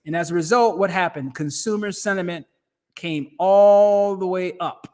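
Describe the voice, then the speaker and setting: A man's voice: high-pitched, steady tone, normal speed, a little mellow. A man with a Midwestern accent hosting a finance show, giving casual, emphatic commentary over a shared screen. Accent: Midwestern American. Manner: conversational and emphatic, with restarts and slang.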